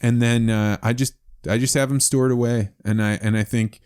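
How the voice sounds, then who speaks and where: A man hosting a podcast interview, telling stories in an animated, conversational way. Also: mid-range voice, normal speed, clean tone. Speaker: podcast host.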